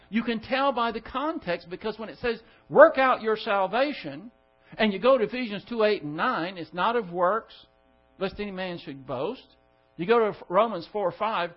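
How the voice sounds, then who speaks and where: A man's voice: high voice, dull audio. A man teaching a Bible study to a class, emphatic and full of rhetorical questions. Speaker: pastor.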